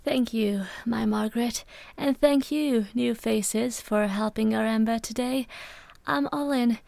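A woman voicing a frail, gentle father who speaks softly in a thin, reedy voice. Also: extremely high pitch, steady tone, a little slow, creaky, no room sound, heavily acted. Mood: gentle welcome. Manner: gentle, soft-spoken.

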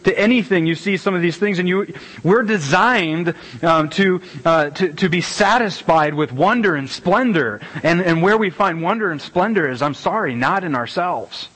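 A middle-aged man preaching a casual, conversational sermon as pastor, animated and rambling, with many restarts and repeated words. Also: high-pitched, moderate pace, low-quality recording. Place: church sanctuary.

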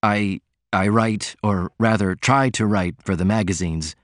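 A man's voice: lowish voice, moderate pace, no echo, clean studio sound, lightly acted. A man voicing a proud, poor young man who talks earnestly and defensively.

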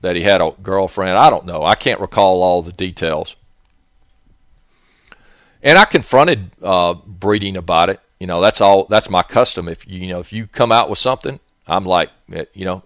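A man's voice: low voice, normal speed, fairly bright tone, no echo, studio quality. A man with a Southern accent, hosting a rambling monologue in a blunt, profane, digressive way.

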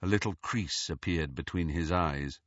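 A man narrating an audiobook in an expressive, animated reading. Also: sits low, normal speed, no room sound. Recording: slightly dull, dry recording.

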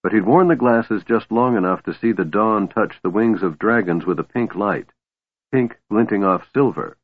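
A man narrating a fantasy audiobook in a steady storytelling voice. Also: lowish voice, moderate pace. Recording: tinny phone-like sound, dry.

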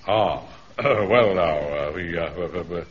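An actor playing a pompous, self-important middle-aged captain in a radio sitcom, with a blustering, commanding manner. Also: male voice, deep voice, takes it slowly. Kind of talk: 1970s radio sitcom acting. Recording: dull old radio recording with faint hiss.

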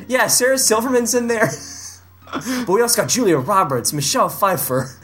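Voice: medium pitch, moderate pace, fairly bright tone, faint music behind. A podcast co-host in casual chat who riffs playfully on made-up movie plots, laughing often. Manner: playful, rambling, laughs often while riffing.

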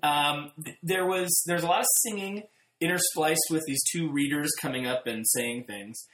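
A podcast co-host telling a story in casual chat, with an animated, sarcastic manner. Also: medium pitch, moderate pace. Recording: roomy echoey room.

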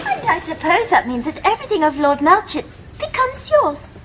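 A woman's voice: very high voice, very animated, normal speed, heavy background noise. An actress playing a childish, giddy young queen. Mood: sly. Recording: TV recording with studio audience laughter.

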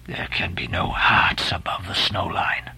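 Brief: man doing a grandiose old whaling captain, commanding and declamatory, lively bright voice. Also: a little high, unhurried, full character voice. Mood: hushed brooding.

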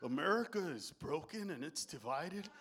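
Man doing a low, whining middle-class grump, mopey and defeated. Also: animated, moderate pace, a bit bright, slightly rough. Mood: gloomy. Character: gloomy middle-class man grumbling about his country.

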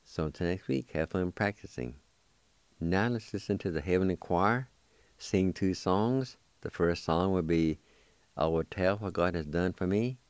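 Slow, deep-voiced man teaching Cherokee words. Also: clean tone, no echo. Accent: Oklahoma Cherokee. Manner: spells and repeats words slowly for listeners to write down. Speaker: Cherokee language teacher and radio host. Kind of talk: slow radio language lesson.

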